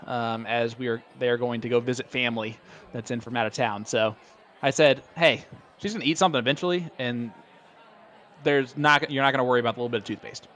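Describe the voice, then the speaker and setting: A man's voice: mid-range voice, level tone, brisk, a bit bright. A man doing live darts commentary, bantering and joking at his own expense. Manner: joking, self-deprecating banter.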